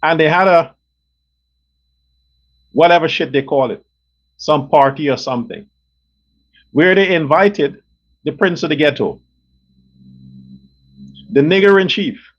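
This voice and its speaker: A man's voice: fairly high pitch, a little slow, long pauses. A man hosting his own show, delivering an angry, profane political rant that repeats and hammers on words. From Guyana. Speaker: show host. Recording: dull lo-fi recording.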